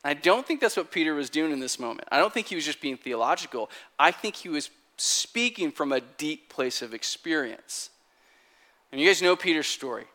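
Bright-voiced animated preacher man. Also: a little high, brisk. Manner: animated storytelling, conversational. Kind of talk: sermon.

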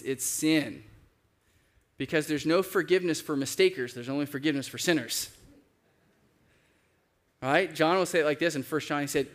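A man in his thirties preaching a sermon, earnest, slowing down to stress key phrases. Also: fairly high pitch, a bit bright. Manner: earnest, varies pace, slows for emphasis. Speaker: pastor.

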